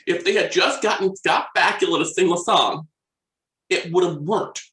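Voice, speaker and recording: A bright, fairly high man's voice with a roomy echo around it. He chats eagerly, working from his notes and trailing off as he searches for the next point. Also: normal speed. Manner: enthusiastic, checks his notes, trails off mid-thought. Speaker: podcast co-host. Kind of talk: casual chat.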